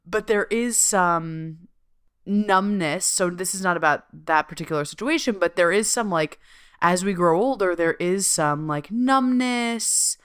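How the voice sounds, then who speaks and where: A woman's voice: on the low side, fairly bright tone, clear, resonant tone, dry recording, clean studio sound. A woman hosting a podcast in a casual monologue, chatty and profane, who often laughs. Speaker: podcast host.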